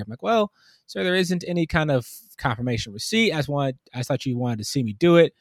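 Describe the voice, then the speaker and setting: A man telling a long story in casual conversation, animated and acting out the people in it. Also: medium pitch, quick pace, no room sound, studio quality. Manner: animated storytelling, mimics customers. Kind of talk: casual chat.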